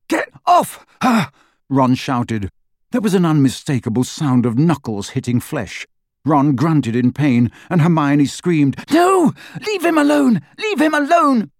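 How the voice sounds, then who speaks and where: A man reading a novel aloud as narrator, dramatic and expressive. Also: medium pitch, dry recording, studio quality. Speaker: audiobook narrator. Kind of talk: scripted narration.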